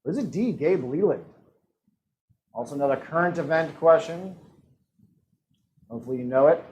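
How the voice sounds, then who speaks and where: A man hosting an online trivia night, his voice sitting a bit high and swinging up and down with a lot of life. He reads out each question and its options, then tosses off quick jokes and laughs between them. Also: expressive, darkish tone, rough recording. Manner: jokey, laughs often, reads out multiple-choice options. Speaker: trivia host. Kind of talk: live-streamed trivia hosting.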